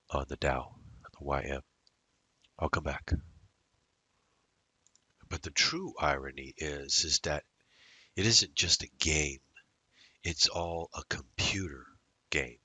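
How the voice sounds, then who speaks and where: Very deep-voiced man muttering trade calls. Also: pushed and bright, husky, no echo. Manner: rambling, muttering to himself with fillers. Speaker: day trader narrating his trades. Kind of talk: casual live trading commentary.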